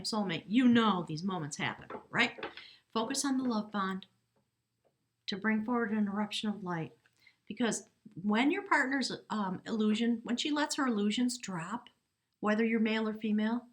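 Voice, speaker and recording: A woman giving a tarot card reading to camera, earnest and coaxing, often checking in with the viewer. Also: medium pitch. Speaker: tarot reader.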